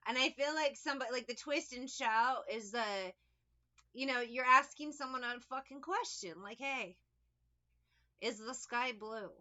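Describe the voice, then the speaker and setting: A woman's voice: sits high, moderate pace, bright, forceful tone, lo-fi sound. A woman giving a casual tarot reading, rambling, sarcastic and liberal with swearing. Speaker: tarot reader.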